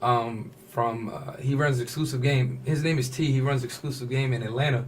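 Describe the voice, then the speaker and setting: A man in the middle of his pitch range tells a long personal story with relaxed street slang. He keeps the tale moving by slipping into the voices of the people in it. A faint hiss sits under his talk. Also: normal speed. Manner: animated storyteller, slips into quoted voices, casual slang. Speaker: fashion designer, podcast guest.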